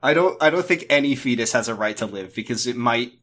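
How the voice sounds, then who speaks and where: A man's voice: mid-range voice, animated, fast, crowd noise. A man in a casual podcast chat who rambles through a TV episode with dry sarcasm. He restarts his sentences often as he works through his thoughts. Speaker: podcast co-host.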